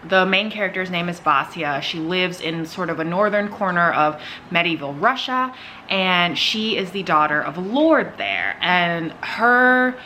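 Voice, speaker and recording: A young woman chatting excitedly in a casual reading vlog from home. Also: lowish voice, a little hiss or hum. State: out of breath. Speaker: vlogger.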